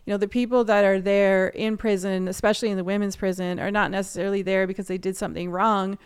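A woman in her thirties telling a story as an interview guest, in a chatty, animated way with frequent laughs. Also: medium pitch, fast talker, smooth.

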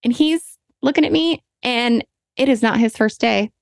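A woman hosting a podcast, telling a personal story in a candid, animated, self-deprecating way. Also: fairly high pitch, moderate pace, creaky, no echo. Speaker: podcast host.

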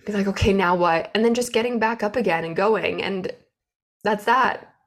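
Woman business owner vlogging, open and emotional, middle pitch, just talking it out. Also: moderate pace. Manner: open, emotional, animated storytelling. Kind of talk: candid personal vlog.

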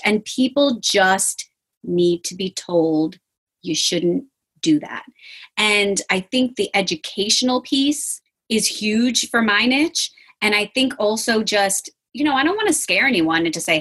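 A woman dietitian talking casually as an interview guest, animated and acting out what her clients say. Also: medium pitch, normal speed, slightly rough. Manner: animated, acts out quotes of clients.

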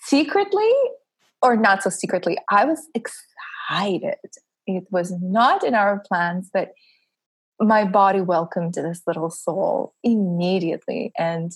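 A woman's voice: medium pitch, expressive, takes it slowly, husky, dry recording, rough recording. A woman in her thirties talks candidly as a podcast guest, with a mid-range voice. She laughs easily between phrases. The recording is dry and close, with no room sound. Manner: open and frank, laughs often between phrases. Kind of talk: candid casual interview chat.

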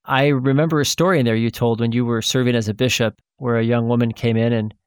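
Man, interview host, middle pitch, casual chat, dry recording. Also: steady tone, fast talker, clean tone, dry recording.

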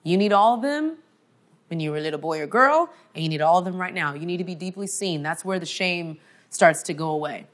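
Addressing a crowd at a conference, a woman speaks a little fast in a lowish, expressive voice. Her motivational faith message is emphatic yet conversational, punctuated by frequent "okay?" check-ins and soft drops in volume for important moments.

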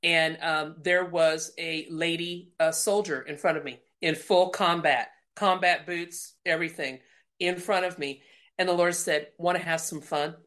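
A woman telling a lively faith testimony, laughing and acting out the voices in her story. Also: fairly low pitch, measured pace. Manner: animated, laughing, acts out dialogue. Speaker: guest speaker. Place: lounge at home.

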